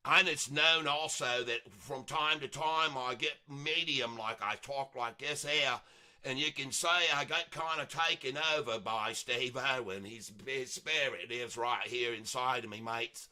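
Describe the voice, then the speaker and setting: A man doing an excitable Aussie outdoorsman. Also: mid-range voice, a little slow. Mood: excited. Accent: put-on Australian.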